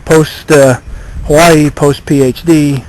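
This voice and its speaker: A man's voice: a little high, fairly even intonation, slow pace, a little mellow, poor audio. A man in his thirties telling a rambling story from his own life in a casual vlog, with many fillers and self-deprecating remarks. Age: 30s. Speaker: vlogger.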